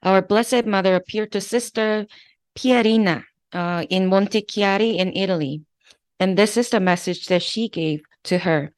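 A woman with a Korean accent reads devotional passages aloud at an easy, deliberate pace. She is a religious sister, steady and careful, with small restarts along the way. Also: mid-range voice, dry recording. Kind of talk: reading devotional texts aloud.

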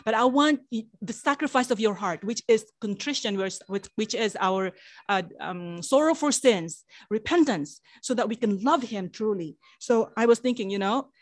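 A woman's voice: a little high, animated, normal speed, no echo. A woman giving a devotional reflection. She reads passages aloud and comments on them in an earnest, conversational way, with frequent restarts. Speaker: spiritual teacher.

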